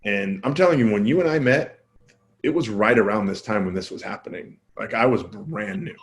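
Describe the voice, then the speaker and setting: A male comedian telling a story as a podcast guest, casual and self-deprecating, acting out quoted dialogue with his voice jumping up and down. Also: fairly quick. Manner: animated, acts out quoted dialogue with jumps in pitch.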